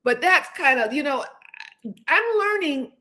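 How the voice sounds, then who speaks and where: An older woman in her seventies chats casually on her livestream, her voice sitting a bit high. She rambles along, often restarting and hesitating before she finds her words. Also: expressive, a little slow, sharp tone. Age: 70s. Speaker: host.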